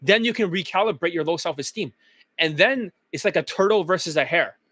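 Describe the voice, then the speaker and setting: A man's voice: sits high, animated, brisk, a bit bright, dry recording. A male dating coach delivering a blunt, profane motivational monologue, chanting phrases over and over.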